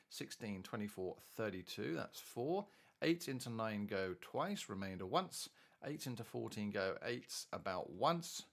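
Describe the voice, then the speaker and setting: Male maths tutor, lowish gravelly voice, chatty and animated, talks through each step aloud. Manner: chatty, thinks aloud while working problems. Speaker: maths teacher. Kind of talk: worked-solution maths tutorial.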